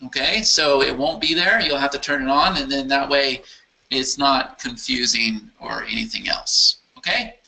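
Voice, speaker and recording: A man hosting a casual live Q&A for his software users, answering questions enthusiastically and thinking aloud as he clicks through a screen demo. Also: mid-range voice, fairly even intonation, moderate pace, rough recording. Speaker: software company founder answering user questions.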